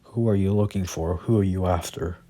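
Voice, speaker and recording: A man's voice: low voice, brisk, dark tone. A man voicing a stern, tired male hero teacher in a spoken fan story, curt and blunt.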